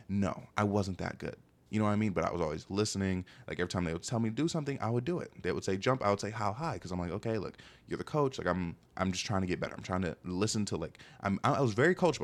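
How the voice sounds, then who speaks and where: Young man, lowish voice, casual story monologue, exasperated, lots of filler words. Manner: animated, exasperated, heavy use of "like" and "bro".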